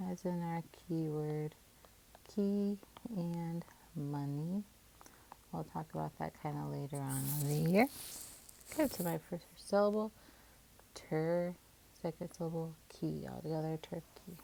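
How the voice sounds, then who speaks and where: A woman's voice: fairly low pitch, creaky, warm tone, slight background noise. A woman teacher leading a phonics lesson, patiently breaking words into syllables and sounding them out.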